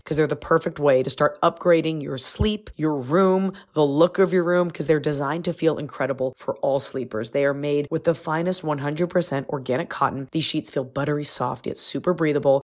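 A woman podcast host reading sponsor ads in a chatty way, with personal asides. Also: sits low. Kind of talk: conversational ad read.

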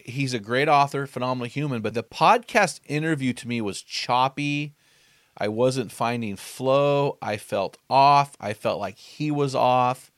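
A man's voice: mid-range voice, measured pace, no room sound, clean studio sound. A man hosting a podcast, telling stories in a casual chat and acting out the quotes. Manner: animated storyteller, acts out quotes. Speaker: podcast host.

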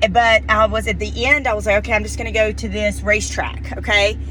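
A mid-pitched woman talks casually, as if to friends, spinning everyday stories. She rambles, restarts, and drops in fillers as she goes. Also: steady tone, fairly quick, slight background noise. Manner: chatty, warm storyteller with many fillers and restarts. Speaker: vlogger sharing daily stories. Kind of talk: casual chat to camera.

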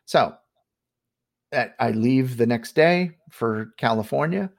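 A middle-aged man casually telling a spooky family story on a podcast, animated and full of fillers. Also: mid-range voice, slow pace, gravelly. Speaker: guest storyteller.

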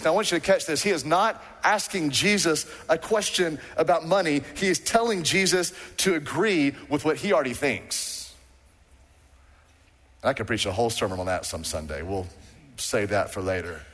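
Male pastor, lively sermon, slightly high voice, long hall reverb, church sanctuary. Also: moderate pace. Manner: animated, acts out quoted voices.

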